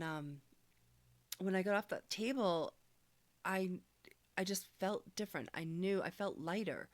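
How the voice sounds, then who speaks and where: A woman with a lowish voice recounts a personal healing experience in a reflective testimony. She speaks earnestly and softly, as if searching for each word. The sound is close and dry, with no room around it. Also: no room sound. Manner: earnest, searching, soft-spoken storytelling.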